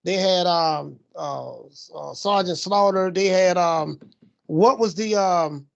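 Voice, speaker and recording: A man's voice: high voice, slow, vocal fry, muffled recording. A man co-hosting a podcast in casual chat, reminiscing in a rambling, slangy way with lots of fillers. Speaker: podcast co-host.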